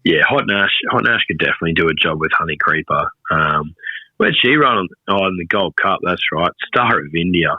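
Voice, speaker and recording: Brief: sick man, remote podcast co-host, easygoing with hesitant ums, lowish voice, dry muffled call audio. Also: animated, a little fast, husky, no echo. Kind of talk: casual racing podcast chat.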